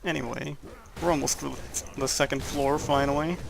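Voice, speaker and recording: A man's voice: on the high side, fairly even intonation, moderate pace, vocal fry, noisy background. A young man giving casual, rambling gameplay commentary, joking and laughing at his own jokes. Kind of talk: casual let's-play commentary.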